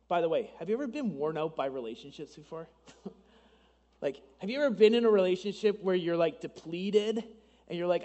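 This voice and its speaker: A man with a noticeably high voice delivers a Sunday sermon from the pulpit. He keeps it conversational, slipping in asides and acting out little bits of dialogue. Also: expressive, moderate pace, a little mellow, in a large hall. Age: adult, married. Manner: conversational preaching with asides and dramatized quotes. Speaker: pastor.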